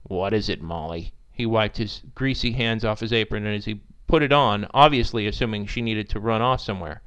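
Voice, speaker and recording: A man narrating a story in an expressive, animated reading style. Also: lowish voice, fairly quick, clear, resonant tone.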